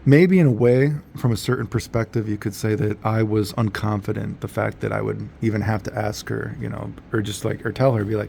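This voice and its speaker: A man's voice: lowish voice, steady tone, fairly quick, gravelly, mellow, slight background noise. A man telling a story in a casual, rambling monologue, laid-back and full of fillers and self-corrections. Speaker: vlogger.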